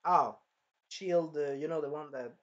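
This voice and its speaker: The voice is medium-pitched and measured, with the highs cut off, as someone gives a loose, meandering take on an anime episode. Profanity flows freely, tangents abound, and loud character impressions pop up.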